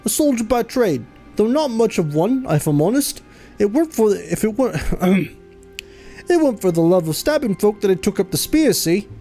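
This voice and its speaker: A streamer voicing a blunt, low-born male soldier in a video game, in a rough, put-on working-class accent. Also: very animated, moderate pace, mellow, faint music behind. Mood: gruff.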